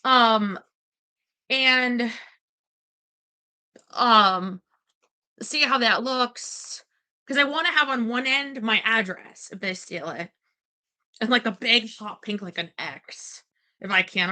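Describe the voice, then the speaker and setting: A woman's voice: a little high, slow, pauses often, bright, forceful tone. A woman venting in a casual vlog, indignant and profane, rambling with restarts. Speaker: vlogger.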